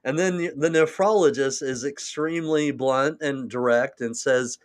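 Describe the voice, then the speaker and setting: A man's voice: mid-range voice, moderate pace, few pauses. A male host interviewing a guest, attentive and encouraging, with many short affirmations. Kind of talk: conversational interview.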